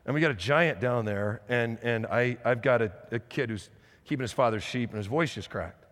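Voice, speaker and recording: A man's voice: medium pitch, normal speed, a bit bright, pitched below the performer's own voice, lightly acted. A man voicing a sarcastic, exasperated king who mocks a boy's offer to fight. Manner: dry mocking sarcasm. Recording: long hall reverb.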